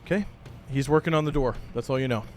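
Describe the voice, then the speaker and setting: A man narrating a tabletop game as game master, with animated storytelling. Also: medium pitch, quick pace, soft background music.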